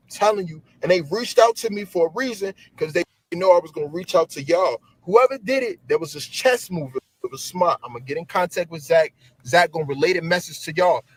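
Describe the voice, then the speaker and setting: A man with a high, slightly husky voice delivers a casual live-stream rant. He talks in loose slang, swears freely and circles back over the same points as he goes. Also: poor audio. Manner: animated, slangy, repeats himself, swears. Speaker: social media commentator.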